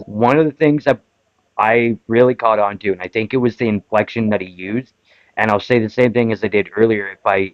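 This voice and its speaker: A man with a lowish voice gives his view on a political panel, pausing often with ums. His sound is dry and dull, like a lo-fi call microphone. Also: no room sound. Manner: hesitant, many ums and restarts. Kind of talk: casual political discussion.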